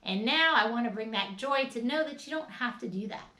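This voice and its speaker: A woman's voice: a little high, lively intonation, a little fast, sharp tone, roomy sound. A woman leading a guided laughter and movement class, upbeat and coaching, with bursts of laughter. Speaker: wellness instructor.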